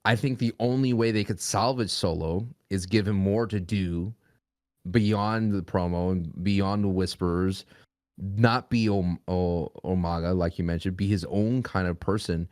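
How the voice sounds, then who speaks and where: Low-pitched man, podcast co-host, brisk prompts, dry close sound. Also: a little mellow, no echo. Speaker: podcast co-host running the segment. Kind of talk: casual podcast chat.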